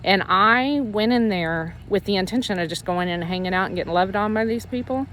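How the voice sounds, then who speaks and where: A woman's voice: mid-range voice, a little fast, fairly bright tone, slight background noise. A woman sharing a personal faith testimony in casual, earnest storytelling, emotional and rambling with frequent restarts. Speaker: Christian ministry leader sharing her testimony.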